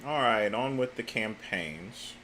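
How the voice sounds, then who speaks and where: A man's voice: lowish voice, expressive, takes it slowly, pushed and bright, a little hiss or hum. A man livestreaming while he works at a computer, muttering his steps to himself and cursing now and then. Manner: mutters to himself, curses in frustration. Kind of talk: casual livestream talk while working.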